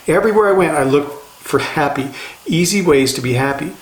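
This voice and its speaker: A man's voice: on the high side, fast, echoey room. An older man, a life coach, giving an earnest motivational talk in a casual, conversational way and repeating phrases for emphasis.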